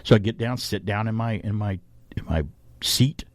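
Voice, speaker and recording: A man's voice: on the low side, moderate pace, dry recording. A middle-aged man from Alabama hosting a casual talk radio show, telling stories and acting out quoted voices.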